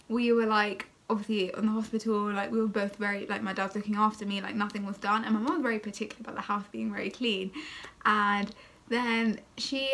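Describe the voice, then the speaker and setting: A young woman tells a rambling story-time vlog to her viewers. Her voice sits a touch high, and she keeps reaching for "like" and "oh my God". She is worn out and still recovering, so it all comes across casual. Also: a bit bright. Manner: chatty, many fillers like "like" and "oh my God". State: tired, recovering from illness. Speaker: vlogger.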